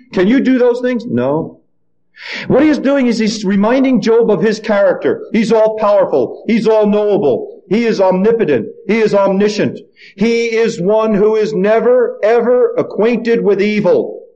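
A man's voice: sits high, darkish tone, highs cut off. A male pastor preaching a sermon, asking the congregation questions and acting out the voices of the figures he quotes.

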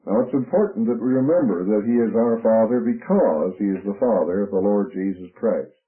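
A man's voice: lowish voice, lively intonation, a little fast. Man teaching Bible on tinny old radio. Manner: methodical, outlines points by number and letter. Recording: phone-like narrow radio broadcast.

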